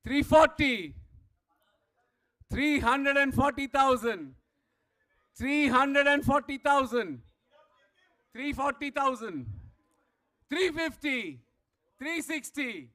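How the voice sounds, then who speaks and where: A man working as auctioneer at a live player auction, calling out bids again and again and pushing the room for more. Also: extremely high pitch. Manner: rapid repetitive bid calling, rising to shouts. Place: event hall.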